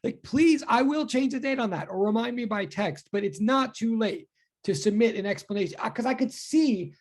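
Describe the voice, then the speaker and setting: A woman's voice: a little high, normal speed, a little mellow. A woman teaching a physics lecture over a video call, chatty and self-deprecating, wandering into asides. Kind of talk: online lecture.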